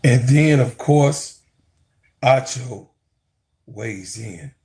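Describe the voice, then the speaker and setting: A man's voice: mid-range voice, drawn-out words, dark tone. A man hosting a sports channel, casually introducing clips and summing them up. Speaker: channel host reacting to clips. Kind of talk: casual reaction commentary.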